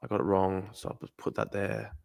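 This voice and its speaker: A young Australian man streaming live, thinking out loud as he plays a guessing game, swearing often and talking to his chat. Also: deep voice, very animated, fairly quick, creaky. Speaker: livestreamer. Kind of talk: casual live-stream commentary.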